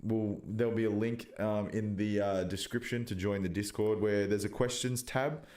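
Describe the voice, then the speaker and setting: Young male podcast co-host, low voice, joking casual banter. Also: steady tone, moderate pace, darkish tone. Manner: loose, swears often, jokey. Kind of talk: casual chat. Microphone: desk mic on an arm.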